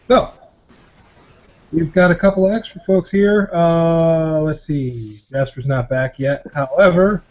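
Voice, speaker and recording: A man's voice: a little high, a little slow, dull audio. A man hosting a casual group video chat, rambling and laughing, often repeating his words. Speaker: host of a motovlogger hangout.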